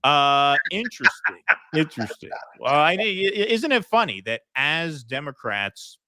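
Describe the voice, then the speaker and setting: A man's voice: on the high side, sing-song, measured pace, bright, forceful tone, dry recording, clean studio sound. A man hosting a casual political livestream, reading out viewer comments and thanking donors, chatty with many ums and restarts. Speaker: host reading viewer super chats.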